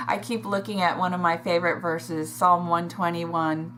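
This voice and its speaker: A woman talking in a personal video diary, emotional and halting, pausing and sighing as she speaks. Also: on the low side, flat delivery, fairly bright tone, a little hiss or hum. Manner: emotional, halting, with sighs and restarts. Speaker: vlogger.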